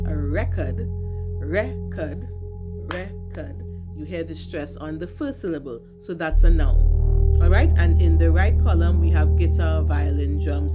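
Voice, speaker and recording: A low-voiced woman teaching an English vocabulary lesson. She speaks slowly and clearly and stresses her words with care. Loud music plays behind her.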